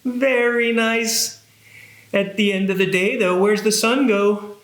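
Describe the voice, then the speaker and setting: A man's voice: high voice, moderate pace, fairly bright tone, roomy sound, slight background noise. A man who is a children's librarian, leading a cheerful sing-song music and movement session for young kids.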